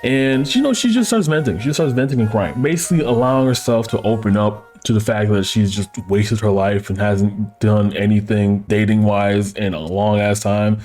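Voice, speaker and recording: Dude reviewing an anime, crude slangy jokes, laughs a lot, faint music behind. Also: male voice, fairly low pitch, normal speed, few pauses, darkish tone. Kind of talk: casual review commentary.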